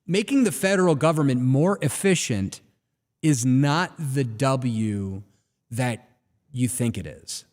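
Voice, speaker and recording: A man hosting a live talk show, delivering an animated, ranting monologue full of rhetorical questions. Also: medium pitch, slow pace, long reverb tail. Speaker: host.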